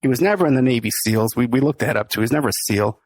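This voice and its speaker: A middle-aged man hosting a podcast tells a story in a casual interview, talking very fast in a mid-range voice. He laughs often and acts out the people he quotes. There's no room sound.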